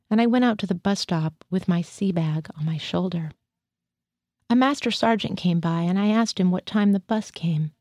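A woman reading a first-person literary short story aloud in a steady, measured way. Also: on the low side, no echo. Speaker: reader.

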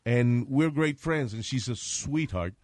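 A man telling animated stories in casual chat, mixing Spanish and English. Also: medium pitch, a little slow, dry recording. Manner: storytelling, switches between Spanish and English. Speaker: entertainer and MC.

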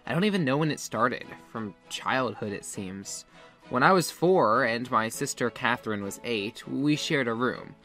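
A man's voice: mid-range voice, bright, forceful tone. A man telling a first-person story as scripted, earnest confessional narration. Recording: faint music behind the voice.

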